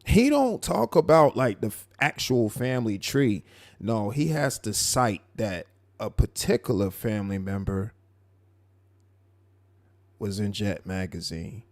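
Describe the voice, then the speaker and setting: A man hosting a live stream, commenting on a clip in a mocking, animated way. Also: fairly low pitch, no room sound. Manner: mocking, animated, drawn-out asides. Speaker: live show host.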